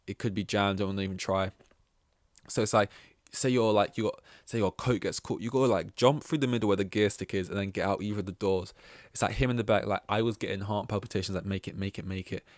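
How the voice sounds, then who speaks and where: A man's voice: fairly low pitch, no room sound, clean studio sound. A young man from England rambling casually on a solo podcast, often cutting himself off mid-thought. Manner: meandering, self-interrupting, casual. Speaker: podcast host.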